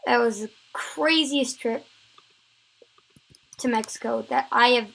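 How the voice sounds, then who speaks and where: A woman's voice: a little high, slow pace, gravelly, a bit bright, rough recording. A woman vlogger telling a story time tale, rambling with many fillers and restarts.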